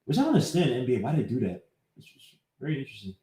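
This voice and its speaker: A man hosting a casual live-streamed sports podcast, breaking down game clips and greeting viewers by name in an animated way. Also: mid-range voice, racing. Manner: talks while fumbling with his computer. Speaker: podcast host. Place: home setup, live streaming. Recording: echoey room.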